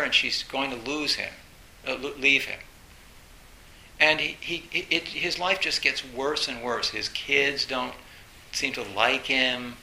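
Gravelly, forceful man telling a story. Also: medium pitch. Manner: halting, storytelling, recounts a film with rising animation. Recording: roomy echo with faint hiss.

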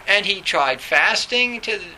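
A man's voice: high voice, expressive, measured pace, pushed and bright, a little hiss or hum, poor audio. A man giving a Zen dharma talk in a rambling way, with many fillers and restarts. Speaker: Zen teacher.

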